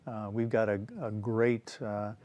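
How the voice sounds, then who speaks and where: A man hosting a casual book discussion, talking in a relaxed, rambling way with frequent fillers and some throat clearing. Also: lowish voice, unhurried. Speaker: show host.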